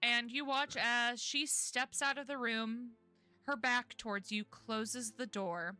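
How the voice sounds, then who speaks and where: A woman's voice: on the high side, steady tone, slow, bright, forceful tone, smooth, no echo, soft background music. A woman narrating a tabletop game as game master, casual and often laughing.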